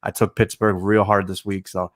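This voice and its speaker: A man's voice: on the low side, flat delivery, normal speed. A man from Canada hosting a casual livestream chat, joking and loose with lots of fillers. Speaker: livestream host.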